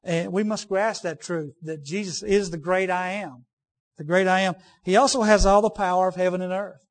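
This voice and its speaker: High-voiced man preaching conversationally. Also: fairly even intonation, moderate pace. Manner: conversational, repeats key phrases for emphasis; frequent restarts, folksy asides to the congregation. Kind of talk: sermon.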